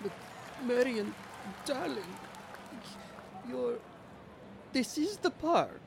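A man voicing a timid, lovesick male critter in an audio story, with a halting, squeaky delivery. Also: very animated, vocal fry, crowd noise, noisy background, exaggerated voice. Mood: pleading.

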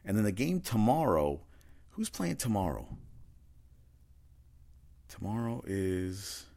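A man's voice: fairly low pitch, big pitch swings, slow, gravelly, mellow. A man giving a casual, rambling solo rundown of sports news, opinionated and full of fillers and restarts. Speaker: sports talk host.

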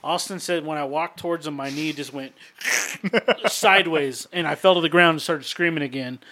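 A man's voice: fairly high pitch, normal speed, a little hiss or hum. A young man co-hosting a podcast, telling a story in casual, swear-filled chat. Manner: animated storyteller, swears freely. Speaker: podcast co-host.

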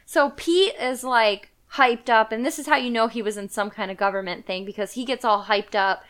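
A woman with a smooth, clear voice, slightly high in pitch, retelling a film plot in casual conversation. She rambles comfortably, full of "like" and asides, in easy podcast chat. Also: normal speed, a bit bright. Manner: chatty storytelling with frequent fillers and laughs. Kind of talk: casual movie recap chat.

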